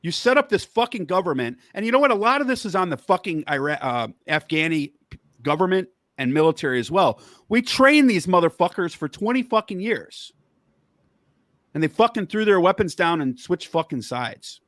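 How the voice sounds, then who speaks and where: A man's voice: high voice, big pitch swings, moderate pace, fairly bright tone, dry recording, studio quality. A man hosting a podcast, angrily ranting about politics and swearing heavily. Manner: angry, heavy swearing, worked up. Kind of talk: profane political rant.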